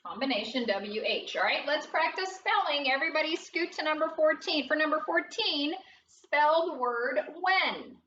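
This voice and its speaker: A woman teaching a phonics lesson to young children, spelling words slowly and prompting them with encouragement. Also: sits high, animated, bright, forceful tone, a little hiss or hum. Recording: dull, roomy sound from a distance.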